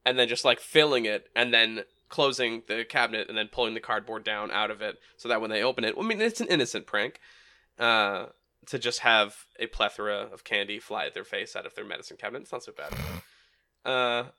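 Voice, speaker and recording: A man's voice: on the low side, brisk, pushed and bright. A man chatting casually on a podcast, loose and filler-heavy, with dry remarks.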